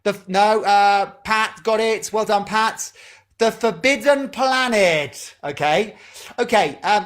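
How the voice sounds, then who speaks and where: A man's voice: sits high, a bit bright. A man leading a drama club over a video call, chatty and encouraging as he fumbles with the setup.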